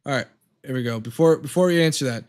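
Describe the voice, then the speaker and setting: A man's voice: medium pitch, fast, darkish tone. A man hosting a casual livestream talk show, rambling and hesitant with many fillers.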